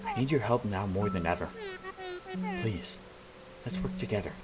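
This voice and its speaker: A man's voice: lowish voice, animated, moderate pace, close to an everyday voice. A man reading the lines of an anxious but determined young woman climber in a game, in his own earnest voice.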